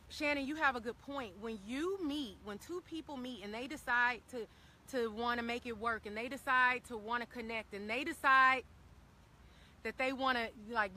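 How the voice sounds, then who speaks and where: A woman's voice: fairly high pitch, pushed and bright, slight background noise. Earnest woman on a live vlog. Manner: earnest, encouraging, repeats key phrases for emphasis. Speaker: wellness vlogger speaking to live viewers. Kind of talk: impassioned live-stream talk. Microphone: handheld phone camera.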